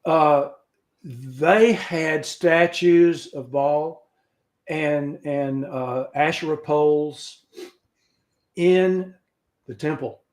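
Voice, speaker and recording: A man teaching an informal scripture lesson over a video call, halting and folksy, with joking asides. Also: on the high side. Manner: halting, with frequent restarts. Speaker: Bible study teacher.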